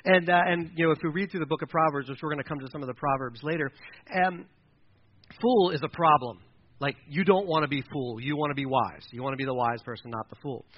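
Brief: male preacher, slightly high voice, casual sermon, acts out quotes; muffled lo-fi recording. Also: fast talker. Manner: conversational, acts out quoted voices, fillers like "kinda" and "like". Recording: dull lo-fi recording with faint noise.

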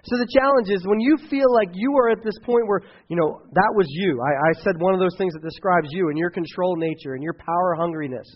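A man's voice: high voice, a little fast, few pauses, highs cut off. A man preaching a sermon and leading a closing prayer, telling stories casually with many fillers and restarts. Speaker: pastor.

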